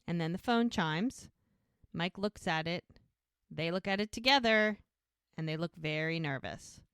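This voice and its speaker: A woman's voice: on the low side, measured pace, smooth, no echo, clean studio sound. A woman podcast co-host animatedly recapping a TV episode in casual chat. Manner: animated storytelling.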